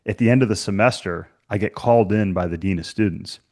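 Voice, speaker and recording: A man's voice: lowish voice, fast, a little mellow. A man hosting a podcast interview, telling stories in a chatty way with lots of fillers. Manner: chatty storyteller, many "you know" fillers. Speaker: podcast host. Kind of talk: casual interview chat.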